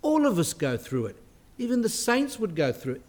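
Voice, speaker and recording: A man's voice: high-pitched, huge pitch swings, normal speed, a little mellow. A middle-aged man, a priest, giving a spiritual talk in a conversational way, with restarts and asides.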